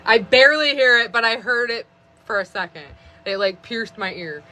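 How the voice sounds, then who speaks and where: Bright chatty woman around 30 on a phone live stream, rambles on, like, a lot. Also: a little high, lively intonation, normal speed. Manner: rambling, chatty, many fillers of "like". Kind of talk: casual live stream chat.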